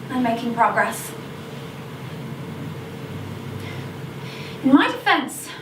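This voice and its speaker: A chatty, confessional Irish teenage schoolgirl, acted by a woman in a stage monologue, her voice pitched high. She slips into gossipy asides with a sheepish yet defiant air. The sound comes from a distant mic in an echoey room over a noisy video call. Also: close to an everyday voice. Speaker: stage actor performing a monologue. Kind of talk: theatrical monologue.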